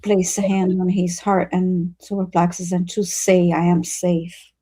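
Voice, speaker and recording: A woman in a live psychic healing session, relaying messages in a soft, hesitant way. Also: on the low side, level tone, measured pace, breathy edge. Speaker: psychic healer. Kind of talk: live spiritual reading chat.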